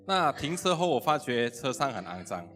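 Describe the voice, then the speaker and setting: A man sharing a personal testimony about his marriage, with soft filler sounds between phrases. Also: medium pitch, sing-song, fairly quick, faint music behind.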